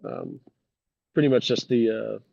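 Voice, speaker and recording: A man's voice: mid-range voice, steady tone, measured pace, vocal fry, a little mellow, dry recording. A man chatting as a guest on a casual talk show, easygoing with hesitant fillers. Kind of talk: casual podcast chat. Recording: dull lo-fi dry mic.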